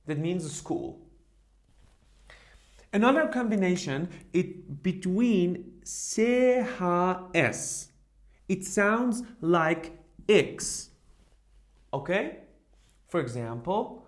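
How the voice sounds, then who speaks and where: A man's voice: sits high, expressive, drawn-out words, long pauses. A man teaching a beginner language lesson, drilling each word by repeating it and checking in with "okay?" and "huh?" after nearly every phrase. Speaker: German teacher.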